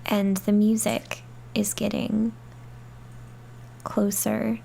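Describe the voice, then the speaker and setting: A young adult woman gaming streamer giving chatty let's play commentary, talking softly to herself with excited squeals. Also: medium pitch, very slow, vocal fry.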